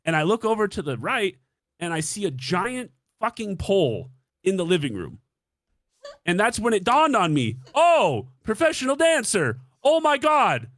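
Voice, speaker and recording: A man's voice: sits high, sing-song, normal speed, a bit bright, no room sound, studio quality. A young man casually telling a dating story on a stream, swearing freely and acting out his own reactions.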